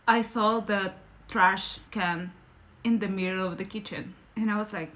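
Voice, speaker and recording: A woman from Nicaragua, a podcast guest telling stories in lively, English and laughing often. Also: medium pitch, a little slow. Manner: animated, laughing, non-native English phrasing. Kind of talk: casual storytelling in conversation.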